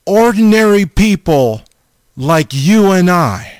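Male preacher, informal sermon, slow deliberate delivery, smooth clear tone, slightly high voice. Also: animated, darkish tone, no echo. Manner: slow, halting, repeats the audience name often.

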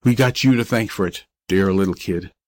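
A man reading the part of a grieving young male athlete who speaks gently and in a subdued, lowered voice. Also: moderate pace, dry recording, lightly acted. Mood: grieving, gentle.

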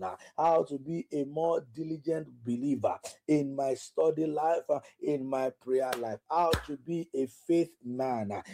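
Fervent praying pastor with a mellow voice. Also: male voice, medium pitch, dry recording. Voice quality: praying in tongues. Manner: fervent, repetitive prayer cadence. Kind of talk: sermon with extended prayer.

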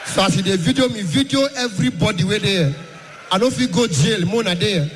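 A Nigerian man with a high voice doing stand-up, telling stories and slipping into characters. His voice rings through a large hall with a long echo and faint noise underneath. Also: a little fast. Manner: lively storytelling, mixing pidgin, acting out voices. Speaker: stand-up comedian. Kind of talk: stand-up comedy. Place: large hall, live audience.

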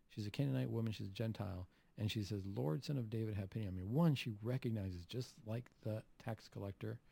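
A man preaching a Catholic homily, asking rhetorical questions and acting out the Gospel quotes with lively emphasis. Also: on the low side, a little fast, vocal fry, dry recording.

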